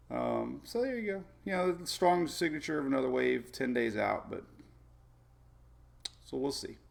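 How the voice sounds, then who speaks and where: Gravelly-voiced chatty weather host, man. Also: medium pitch, animated, a little slow, pauses often. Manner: rambling, chatty, laughs often, many fillers. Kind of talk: casual live weather talk.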